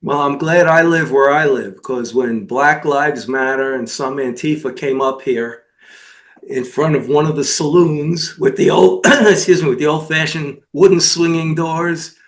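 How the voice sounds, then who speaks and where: A man's voice: fairly high pitch, fairly even intonation, a little slow. A man in casual talk-show chat, rambling through a long anecdote with frequent restarts. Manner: rambling storyteller, meandering with restarts.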